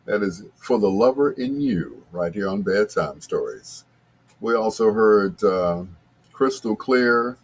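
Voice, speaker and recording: Late-night love-songs DJ, man, husky and slow, lively ups and downs, easygoing banter with listeners. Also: on the low side. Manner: laid-back, chatty, talks to listeners by name. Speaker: radio show host. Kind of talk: late-night radio DJ chat.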